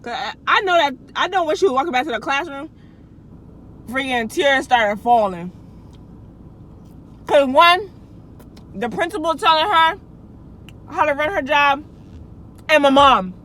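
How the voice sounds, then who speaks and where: A woman's voice: high-pitched, expressive, a little slow, long pauses, sharp tone, low-quality recording. A young adult woman vlogger telling a casual storytime in a chatty, slangy way, with restarts and asides to her viewers.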